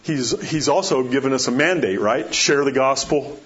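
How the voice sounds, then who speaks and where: A man's voice: medium pitch, moderate pace, fairly bright tone. Pastor guy giving a sermon, repeats rhetorical questions, muffled lo-fi sound. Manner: emphatic, rising in storytelling. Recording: dull lo-fi recording.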